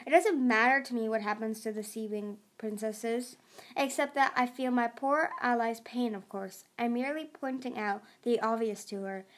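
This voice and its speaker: Woman putting on a sly scheming dragon lady, smooth and purry, fairly high voice. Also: moderate pace, lightly acted. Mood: silky. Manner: smooth, purring. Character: scheming, silky female desert dragon queen.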